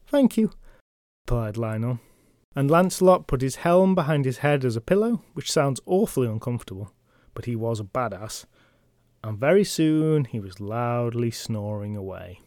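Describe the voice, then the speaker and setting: A male podcast host retells old legends in a chatty, comic way, full of wry asides. His voice sits at a middle pitch. The sound is close and dry, with no room in it. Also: animated, normal speed, a little mellow, dry recording.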